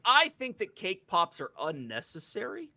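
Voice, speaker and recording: A man co-hosting a casual podcast chat, joking in quick, excitable asides. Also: high-pitched, creaky, crowd noise. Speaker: podcast co-host.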